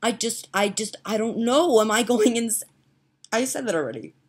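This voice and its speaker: A woman's voice: a little high, animated, normal speed, slight background noise. A young woman rambling in a casual home vlog, chatty and giggly, laughing at herself as she talks. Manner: chatty, giggly, self-mocking. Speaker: vlogger. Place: home, indoors.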